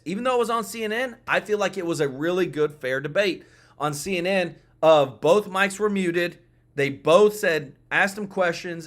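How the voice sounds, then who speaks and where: A man with a fairly bright, higher-pitched voice hosts a political commentary show. He speaks emphatically and often repeats himself while addressing his viewers and chat.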